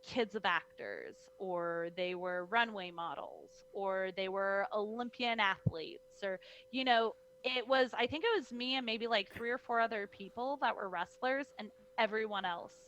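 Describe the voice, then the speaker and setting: A young woman, a wrestler, telling her story in an animated interview, acting out the people in it, heard over a video call. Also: medium pitch, unhurried, hardly any pauses, a little hiss or hum, low-quality recording. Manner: lively, acts out voices in her stories, many "like"s. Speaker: guest, professional wrestler.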